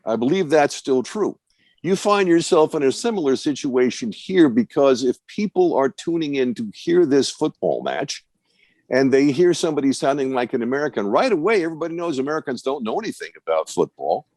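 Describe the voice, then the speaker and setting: A man's voice: mid-range voice, fairly quick, dry recording. An older man coaching broadcasters, giving confident, wry advice in an online question-and-answer session over a video call. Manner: confident, wry, lively storytelling. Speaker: broadcast coach and guest speaker.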